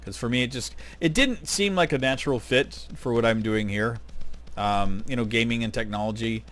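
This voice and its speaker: A man's voice: medium pitch, moderate pace, a bit bright. A man hosting his gaming channel, talking casually and rambling with lots of fillers while he plays. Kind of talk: casual gameplay commentary.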